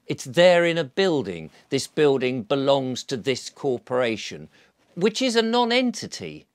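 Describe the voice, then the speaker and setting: Man, lively swooping pitch, earnest rambling monologue, coaxing, stop-start. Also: a little slow, dry recording. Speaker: video blogger. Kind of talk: informal monologue to camera.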